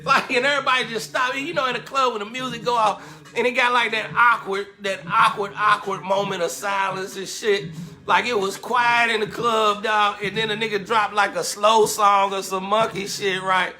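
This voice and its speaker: A man casually telling a lively, slangy story about his club days and acting out the quotes. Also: sits high, moderate pace. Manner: animated, slangy, acts out quotes with laughter.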